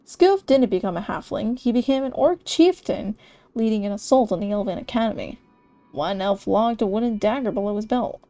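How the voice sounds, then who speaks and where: A young woman streamer reads game narration aloud in a wry storytelling style. Her voice is mellow and moves widely in pitch. The sound is dry and close. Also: expressive, normal speed, dry recording, soft background music.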